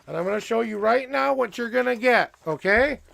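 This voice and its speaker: Loud, joking man hosting a livestream. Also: extremely high pitch, lively intonation, brisk, vocal fry, dry recording. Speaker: livestream tarot reader host. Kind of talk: casual livestream chat. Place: home room with door.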